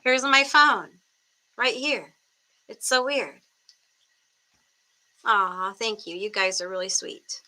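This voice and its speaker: Bright-voiced woman chatting on a webcam livestream. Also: a little high, slow, pauses often. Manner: chatty, greets viewers by name, self-deprecating. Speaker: tarot reader livestream host. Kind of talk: casual livestream chat greeting viewers. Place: her room at home.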